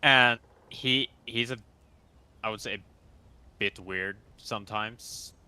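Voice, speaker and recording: A man chatting hesitantly with a fellow player, leaning on fillers as he goes. His voice is fairly low but strikingly bright and sharp. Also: slow, clear, resonant tone, no echo. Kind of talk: casual chat while gaming.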